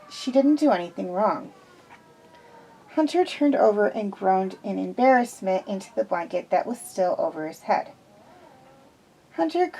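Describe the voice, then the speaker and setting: A woman's voice: medium pitch, creaky, dark tone, rough recording. A woman reading fan fiction aloud in an unpolished way, with restarts. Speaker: reader.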